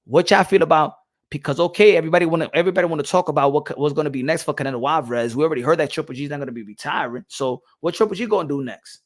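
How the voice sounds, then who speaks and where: A young adult man hosting a casual boxing live stream, slangy and animated, switching between English and Spanish. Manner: animated, with quick jumps to high excited bursts. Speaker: boxing channel host.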